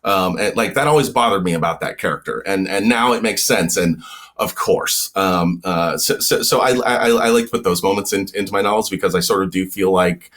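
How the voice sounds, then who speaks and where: Stammering, animated male novelist. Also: brisk. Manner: stammers, repeating words in bursts; animated, swinging pitch up and down. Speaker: novelist guest. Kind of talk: casual podcast conversation.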